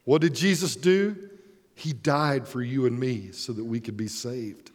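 A man's voice: medium pitch, a little slow, big-room sound. A man preaching a sermon as pastor, earnest and emphatic, posing rhetorical questions.

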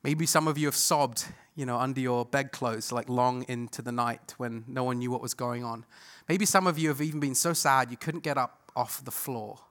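Earnest, bright-voiced male preacher. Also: medium pitch, steady tone, normal speed. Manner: earnest, swings from loud emphasis to hushed tenderness. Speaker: pastor. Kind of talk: sermon.

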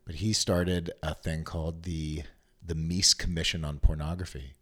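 A man's voice: very deep voice, little pitch movement, moderate pace. A man from the United States, a podcast guest, explaining history in a digressive, chatty way. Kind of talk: casual chat.

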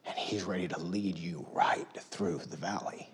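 A middle-aged male pastor preaching a sermon in a church, dropping to near-whispers and rising to loud, emphatic pleas. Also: sits low, a little slow, few pauses, a little hiss or hum. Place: church auditorium.

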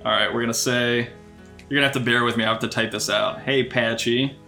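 A man's voice: mid-range voice, fairly even intonation, fast talker, vocal fry, bright, forceful tone, soft background music. A man hosting a casual podcast with friends, upbeat and rambly, often restarting his sentences. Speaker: podcast host running an AI text adventure.

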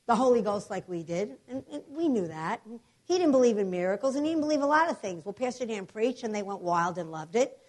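A woman preaching a sermon, telling healing testimonies with emphatic, animated storytelling and repeated declarations. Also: fairly high pitch, fairly quick.

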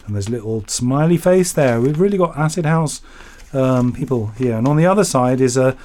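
A man's voice: mid-range voice, lively intonation, brisk, a little mellow. A man from Yorkshire co-hosting a casual radio show, rambling and joking as he reads out listener mail. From Yorkshire, England. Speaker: radio co-host.

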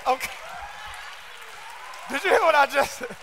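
High, bright-voiced man preaching fervently. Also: a little slow, a faint crowd, slight background noise. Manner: fervent, often shouting, rhetorical questions to listeners. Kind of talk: sermon. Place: church service streamed online.

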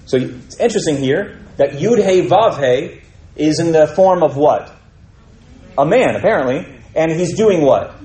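A man's voice: fairly high pitch, lively intonation, a little slow, mellow, roomy sound, poor audio. A man teaching a Bible study, reading scripture aloud and explaining it with questions to his listeners.

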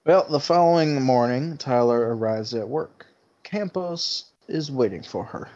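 A man co-hosting a podcast who recaps a movie plot in a relaxed way, swearing and laughing often. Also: mid-range voice, unhurried, dull audio. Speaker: podcast co-host.

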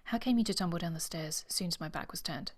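A woman reading aloud and voicing a young male earl from a romance novel, warm and protective, with a hushed, tender delivery. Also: fairly low pitch, fast, lightly acted.

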